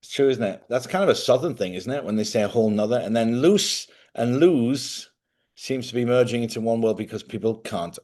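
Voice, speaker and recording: A man with a fairly low voice hosts a casual live stream. He rambles along in a chatty way, often thinking out loud and wandering between thoughts. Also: breathy edge. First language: English.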